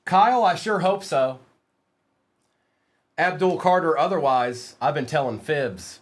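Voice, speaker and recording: A man with a somewhat high voice hosts a live trading card break, rattling off player names as each pack opens. He trades playful jabs with his chat between the pulls. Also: lively intonation, measured pace. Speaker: livestream card break host.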